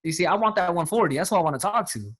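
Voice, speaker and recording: A man's voice: high voice, lively intonation, racing, fairly bright tone, husky. A man coaching his sales team on a call, talking emphatically in casual slang. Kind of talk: motivational talk on a team call.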